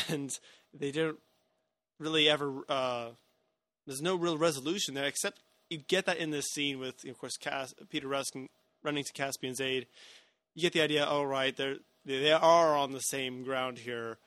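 A man's voice: mid-range voice, fairly even intonation, moderate pace, pushed and bright, no echo. A man co-hosting a podcast, talking casually about a film, hesitant with many fillers and restarts. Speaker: podcast co-host.

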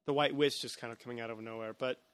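A man's voice: mid-range voice, steady tone, fast, clean tone, dry recording. A man hosting a podcast, chatting casually about a film with many restarts and hedges. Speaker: podcast host.

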